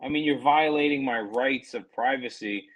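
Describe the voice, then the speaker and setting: A male podcast co-host talks in a heated, casual, profane way, mocking other people with put-on voices. His voice sits at a middle pitch. The sound is dry and close, with no room in it. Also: normal speed, dry recording, low-quality recording. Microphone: remote call.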